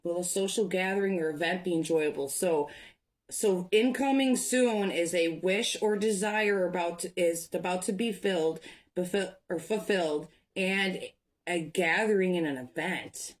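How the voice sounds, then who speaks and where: A young adult woman giving an excited tarot reading to camera, gushing and breaking off into fillers. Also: fairly low pitch, measured pace. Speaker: tarot reader.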